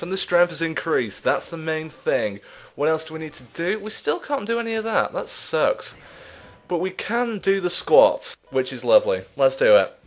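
Male gamer, slightly higher voice, breathless and chatty, pokes fun at himself while he plays. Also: a bit bright. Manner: chatty, self-mocking, laughs often. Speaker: let's play host. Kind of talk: casual gameplay commentary.

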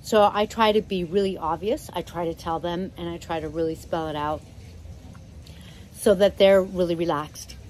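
A woman hosting a parrot channel who gives casual advice at home in a gentle, relaxed, chatty way. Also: lowish voice, moderate pace, slight background noise, poor audio. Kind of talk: casual instructional talk.

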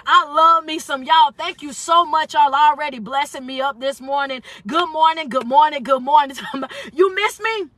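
A woman, hosting a live-stream motivational talk on her phone, lively and affectionate, calling listeners baby and honey. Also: high-pitched, moderate pace, hardly any pauses, no echo. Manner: lively, calls the audience baby and honey, laughs often. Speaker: motivational speaker.

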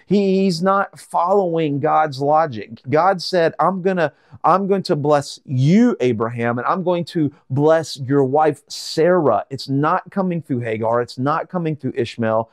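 Guy doing a daily bible teaching, reads verses slow then explains, lots of ums, kinda high voice, dry close sound. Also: dry recording. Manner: reads verses slowly and explains them with fillers and restarts.

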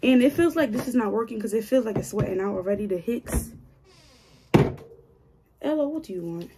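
A woman's voice: on the high side, lively intonation, a little fast, noisy background. A woman chatting casually to her viewers while doing her own hair, joking and grumbling to herself as she goes. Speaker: hair vlogger.

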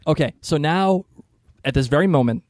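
A man's voice: on the high side, animated, moderate pace, a little mellow, no room sound, studio quality. A man co-hosting a casual history podcast, explaining things with jokes and frequent laughs. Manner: joking, laughs often while explaining. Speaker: podcast co-host.

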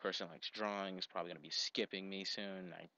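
A man giving rambling, exasperated commentary while video chatting, bursting into loud yelps now and then. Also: low-pitched, fairly even intonation, fast, dry recording. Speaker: video creator. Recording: dull lo-fi recording.

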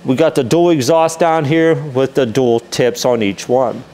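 A mid-range, mellow male voice with a steady tone, a little on the slow side. He's a dealer giving a casual walkaround of a classic car for sale on camera, laid-back and methodical, filling gaps with many "um"s and "uh"s.

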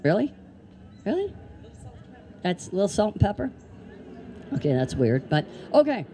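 A woman with a somewhat low, warm voice hosts an animal show for children outdoors. She talks in a chatty, playful way and keeps asking the kids questions. A faint background noise sits under her voice. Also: big pitch swings, normal speed. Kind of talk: live educational talk to kids. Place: outdoor amphitheater.

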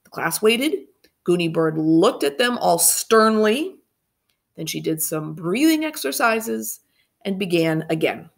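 A woman reading a children's chapter book aloud in a steady, clear storytelling manner. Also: on the low side, takes it slowly. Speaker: reader.

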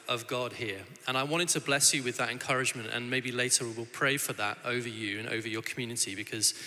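A man in his thirties giving a sermon as a guest preacher, telling family stories in a loose, conversational way with many restarts. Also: mid-range voice. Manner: warm conversational storytelling with frequent restarts. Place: church hall. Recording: church hall with long reverb.

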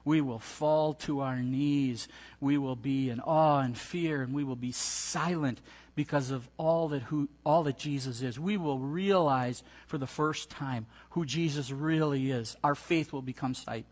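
A pastor preaches an earnest sermon and reads scripture with slow, deliberate weight. His voice sits at a middle pitch for a man. It rings with a long reverb, as if he is speaking in a large hall. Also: a little mellow.

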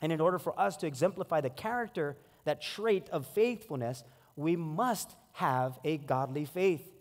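Pastor, 40s, storytelling sermon, high pitch, reverberant sanctuary. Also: male voice, normal speed. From Hawaii. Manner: storytelling, animated acted-out quotes. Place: church sanctuary. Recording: long hall reverb.

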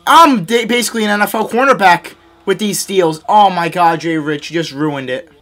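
A young man with a high, light voice narrates his basketball video game as he plays it. He is excitable and yells at the big plays. He scolds his teammates and pokes fun at his own mistakes. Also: fairly quick. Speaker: gaming YouTuber. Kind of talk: live gameplay commentary.

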